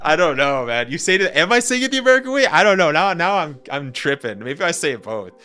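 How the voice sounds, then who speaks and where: A young Canadian man with a Canadian accent, rambling and excitable in casual live-stream chat with slang. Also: a little high, fast talker, clean tone. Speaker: gaming streamer.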